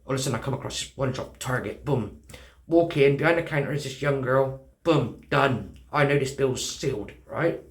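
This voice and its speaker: A man with a British accent shares a personal story casually, acting out the dialogue and swearing with abandon, all in an animated manner. He has a medium pitch and moderate pace, and the sound is roomy.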